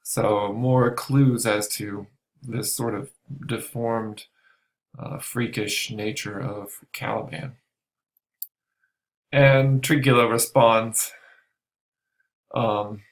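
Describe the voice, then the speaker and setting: A male teacher calmly explaining a play scene, unhurried and thinking aloud as he goes. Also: medium pitch. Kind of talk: lesson walking through a play.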